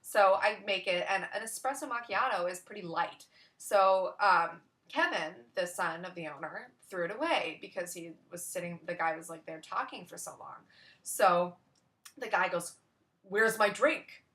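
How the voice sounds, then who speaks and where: A woman's voice: fairly low pitch, moderate pace, fairly bright tone. A young woman telling a casual story in a rambling way, full of "like" and "you know".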